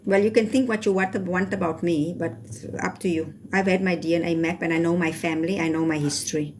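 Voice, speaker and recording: South African woman host, brisk and scolding, live-chat streamer. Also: on the low side, fairly even intonation, darkish tone, slight background noise. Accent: South African (Cape Town). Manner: firm, scolding, mixes Afrikaans phrases. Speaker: livestream host.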